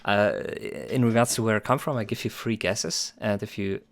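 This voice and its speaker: With a lowish, fairly even voice at a moderate pace, a man hosts a music production stream over a faint hiss or hum. He rambles playfully through casual banter with viewers and chuckles a lot.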